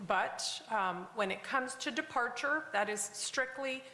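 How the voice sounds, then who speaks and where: A woman judge speaks in a measured, formal tone as she hands down a sentence. The courtroom audio is roomy, with a long reverb trailing her words. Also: fairly high pitch, animated, sharp tone.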